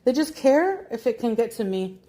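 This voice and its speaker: A woman with a fairly high voice complaining on her livestream. She rants angrily and swears a lot, and her high voice carries the complaint. The talk keeps coming back to how fed up she is. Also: sing-song, normal speed, dark tone. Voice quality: angry, profane ranting. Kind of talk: livestream rant.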